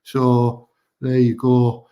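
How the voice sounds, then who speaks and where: A man's voice: medium pitch, completely flat delivery, very slow, warm tone. A man with a Teesside accent hosting a live online comedy show, rambling in crude, casual chat and leaning on "you know what I mean".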